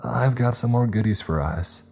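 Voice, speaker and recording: A man voicing a timid young girl in a storybook reading, his voice raised higher and gently pleading. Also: moderate pace, vocal fry, husky, faint music behind. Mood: eager.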